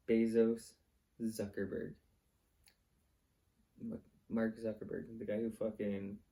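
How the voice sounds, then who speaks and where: A man's voice: fairly low pitch, dark tone. A man, hosting his own vlog and ranting bluntly, swearing often and rambling from one point to the next. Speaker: vlog host. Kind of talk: casual ranting monologue.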